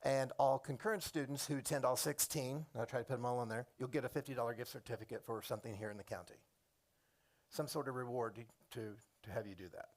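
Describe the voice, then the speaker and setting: A man's voice: medium pitch, fast talker. A middle-aged man, a program coordinator and former teacher, giving a chatty, digressive classroom orientation and calling on students by name.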